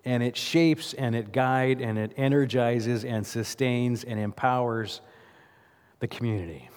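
A man's voice: medium pitch, a little slow, a little mellow, clear, resonant tone. A male pastor preaching a sermon in a church, in a conversational way that asks the congregation questions. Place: church sanctuary. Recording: long hall reverb.

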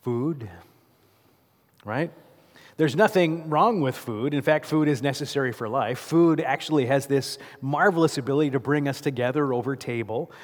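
A man's voice: mid-range voice, moderate pace. A male pastor preaching a sermon in a church sanctuary. He tells the story vividly and keeps asking the congregation rhetorical questions. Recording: long church reverb.

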